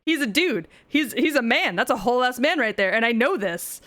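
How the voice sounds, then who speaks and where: A woman's voice: fairly high pitch, animated, brisk, a bit bright. A woman streaming gameplay, chatting casually with frequent swearing and joking asides.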